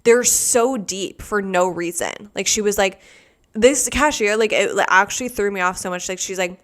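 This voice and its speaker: A woman's voice: mid-range voice, normal speed. A young woman hosting a solo podcast, rambling casually with lots of "like" and dramatizing everyday mishaps. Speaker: podcast host.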